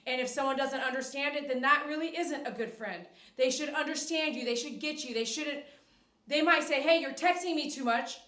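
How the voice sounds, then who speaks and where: A woman with a high voice hosts a casual livestream from her grooming shop. She reads viewer comments aloud and chats with them, now and then breaking into excited cheers. The room around her is echoey. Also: brisk. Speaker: dog groomer and livestream host.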